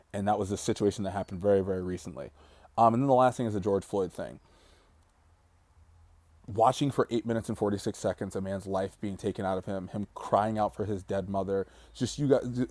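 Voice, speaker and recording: Low, earnest man speaking from grief. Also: darkish tone. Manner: earnest and reflective, stretching out heavy words. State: grieving. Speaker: vlogger. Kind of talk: personal vlog monologue.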